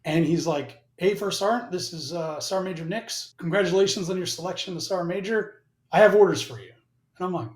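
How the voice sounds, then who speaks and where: A man's voice: sits high, expressive, brisk. A man in his forties, a podcast guest, telling a story in a casual, profane way and acting out both sides of each conversation. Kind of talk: casual storytelling with acted-out dialogue. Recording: roomy echo.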